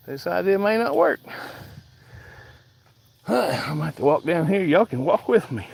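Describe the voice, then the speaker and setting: A man's voice: high-pitched, very animated, vocal fry, slight background noise, low-quality recording. A man chatting casually to viewers while doing farm chores outdoors, a bit out of breath from hauling, filmed on a handheld phone. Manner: slow rural drawl, chatty asides to viewers. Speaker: farmer filming his chores. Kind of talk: casual vlog while working. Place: outdoors in a pasture.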